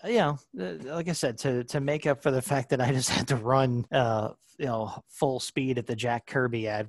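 Rambling enthusiastic podcast host, dry sound. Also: male voice, mid-range voice, no echo. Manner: rambling, enthusiastic, many restarts. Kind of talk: casual podcast chat.

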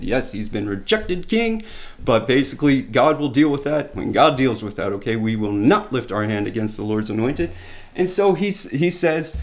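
A man's voice: medium pitch, lively intonation, moderate pace. A man teaching a Bible study, retelling scripture stories in plain everyday words with restarts and asides.

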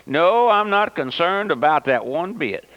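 A man's voice: fairly high pitch, sing-song, a little slow, no room sound. A man preaching an emphatic, folksy radio sermon, repeating words and calling listeners "my friend". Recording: dull, lo-fi radio broadcast.

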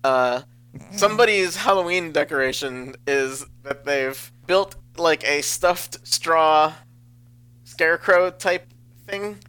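A man with a fairly high, bright voice chatting on a comedy podcast. He makes wry, dry jokes and laughs along with his co-hosts. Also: takes it slowly, smooth. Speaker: podcast co-host. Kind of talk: casual comedic chat.

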